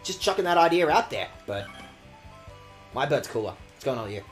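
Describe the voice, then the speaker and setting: A man's voice: fairly high pitch, very animated, a little fast, soft background music. A man streaming a video game, ranting at the characters with sarcastic, profane commentary. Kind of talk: let's-play commentary.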